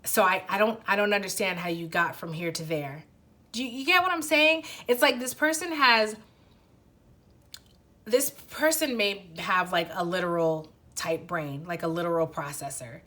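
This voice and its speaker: A young adult woman with a somewhat low voice gives a casual tarot reading straight to her viewer. She rambles and restarts her sentences often, circling back to make her point. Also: normal speed, pushed and bright. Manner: rambling, many restarts and fillers, addresses viewer directly. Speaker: tarot reader.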